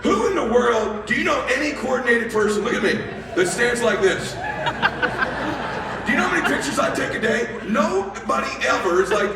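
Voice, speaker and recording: A man's voice: extremely high pitch, lively intonation, moderate pace, creaky, heavy background noise. A middle-aged man giving a motivational talk, telling a story with animation and acting out the dialogue. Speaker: motivational speaker. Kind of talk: motivational speech to an audience. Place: large hall with audience laughing. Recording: echoey hall, voice from far off.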